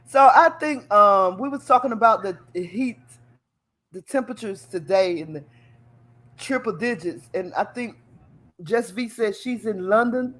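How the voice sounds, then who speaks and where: Woman, chat show host, casual live stream talk, teasing, animated, mid-pitched voice. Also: unhurried. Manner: animated, teasing, laughs often.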